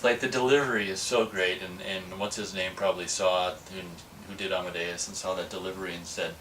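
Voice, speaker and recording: A man rambles through a casual movie review, acting out lines from the film as he goes. His voice is low-pitched but bright. He sits some way from the mic, with faint background noise. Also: fairly even intonation, a little fast, hardly any pauses, distant mic, rough recording. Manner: rambling, digressive, acts out quotes.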